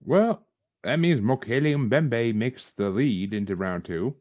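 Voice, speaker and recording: A man's voice: medium pitch, expressive, unhurried, no echo, highs cut off. A man hosting a casual podcast, laughing often and restarting his sentences. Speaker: podcast host.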